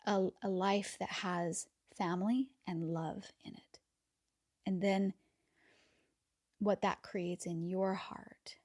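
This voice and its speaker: A podcast host with a voice on the low side delivers a casual, reflective monologue with enthusiasm. At times she drops to a soft near-whisper and repeats words while gathering her thoughts.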